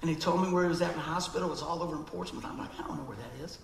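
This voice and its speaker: A man delivers a storytelling sermon very fast, his gravelly voice pitched a little high. He tells the story with animation and acts out other people's voices, in echoey sound like a church hall with faint background noise.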